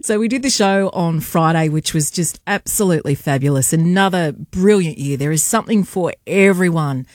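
A woman's voice: fairly low pitch, normal speed, few pauses, darkish tone, no room sound, clean studio sound. A woman in her forties with an Australian accent, co-hosting a radio show with bubbly chat and frequent laughs. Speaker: radio co-host. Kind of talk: casual banter on a radio show.

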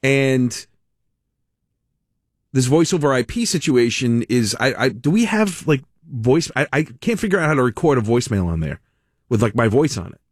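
A man's voice: medium pitch, big pitch swings, moderate pace, slightly rough, no echo, studio quality. A man hosting a radio talk show, chatting casually, rambling with restarts and frequent laughter. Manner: rambling, laughing, self-interrupting.

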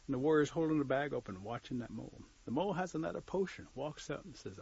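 A man telling a traditional story aloud, animated, swinging between loud and soft, with joking asides. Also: mid-range voice, fast talker, gravelly, a little hiss or hum. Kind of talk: oral storytelling. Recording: dull lo-fi recording.

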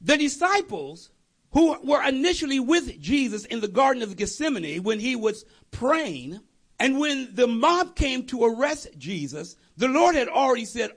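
A man preaching an animated, conversational storytelling sermon with jokey asides. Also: extremely high pitch, moderate pace.

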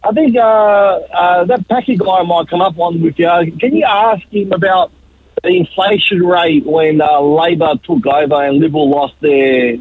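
An Australian truck driver in his forties calling a talkback radio show, speaking hesitantly with many halting starts. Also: high-pitched, slightly rough, no echo. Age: 40s. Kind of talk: phone call to talkback radio. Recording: tinny dry phone line.

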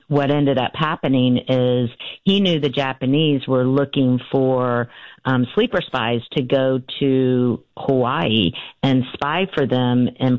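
A woman in her fifties, an author being interviewed, telling a family story earnestly with many pauses and restarts. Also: a bass voice, no echo, muffled recording. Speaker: author and guest.

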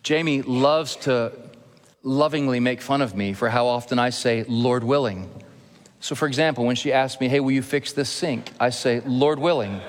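A man's voice: mid-range voice, a little hiss or hum. Man preaching in a reverberant hall. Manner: earnest expository preaching with slow emphatic phrases. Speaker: pastor. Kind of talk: sermon. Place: church sanctuary.

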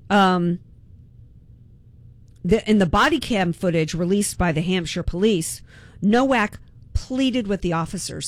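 A woman's voice: medium pitch, animated, measured pace, long pauses, no room sound. A woman hosting talk radio, delivering an impassioned, indignant political monologue and repeating words when worked up.

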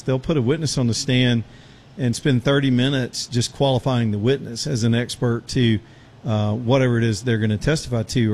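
A man's voice: mid-range voice, a little mellow. A man hosting a talk radio show from a road trip, chatting in a folksy, easygoing way and a little out of breath. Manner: folksy, chatty, Southern turns of phrase. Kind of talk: casual talk radio with live ad read. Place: outdoors on a road show, windy.

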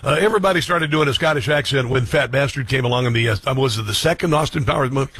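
A man's voice: medium pitch, quick pace, a bit bright, breathy edge, dry recording. A man hosting a political commentary show, sarcastic and mocking, reacting to clips. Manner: sarcastic, mocking asides, repeats clip lines back.

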